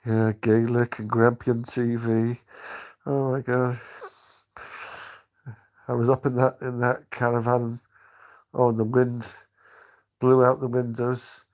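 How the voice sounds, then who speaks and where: An older man chatting on a live stream, halting and rambling with many restarts. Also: mid-range voice, completely flat delivery, darkish tone. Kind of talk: casual live-stream chat.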